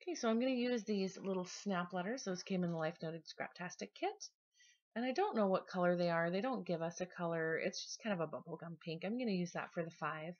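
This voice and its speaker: A woman talking casually through her scrapbooking process in a relaxed, chatty voice-over. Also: lowish voice, brisk, lo-fi sound. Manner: chatty, relaxed, with small restarts. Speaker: scrapbooking vlogger.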